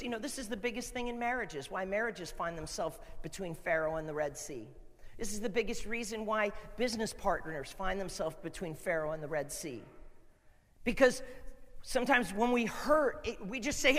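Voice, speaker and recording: A man preaching a sermon with passion, dropping to a hush and then rising to a shout. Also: high voice, animated, moderate pace. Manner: impassioned, swings from hushed to shouting. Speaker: pastor. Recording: long reverb of a large hall.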